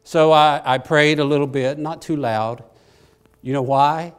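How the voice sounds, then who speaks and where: A middle-aged man preaching, telling a personal story in a folksy, self-deprecating way that swings from hushed to excited. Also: fairly high pitch, unhurried, clear, resonant tone. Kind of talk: sermon storytelling.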